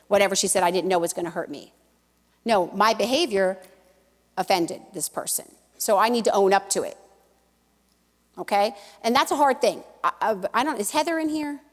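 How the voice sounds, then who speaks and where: A middle-aged woman talks to a church gathering in an easy, storytelling way, often breaking off into asides and starting sentences over. Her voice sits at an ordinary pitch, and a long hall reverb trails behind every phrase. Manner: chatty, storytelling, frequent asides and restarts. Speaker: women's speaker at a church. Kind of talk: conversational church talk.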